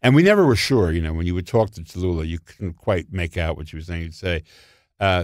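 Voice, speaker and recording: A man telling show-business stories in casual conversation, animated and theatrical, acting out quotes. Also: low voice, a little fast, no echo, clean studio sound. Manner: animated, theatrical storyteller who acts out quotes. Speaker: guest storyteller.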